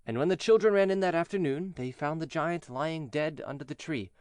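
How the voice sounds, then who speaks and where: A man narrating a fairy tale for English learners in a clear, measured, expressive way. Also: fairly high pitch, no echo, clean studio sound. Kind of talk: storybook reading for English learners.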